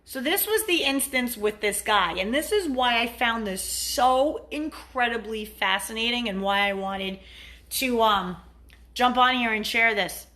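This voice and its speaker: Blunt, bright-voiced woman coach. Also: fairly high pitch, unhurried. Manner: blunt and profane, acts out quoted partners. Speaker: dating and relationship coach. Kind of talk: casual advice vlog monologue.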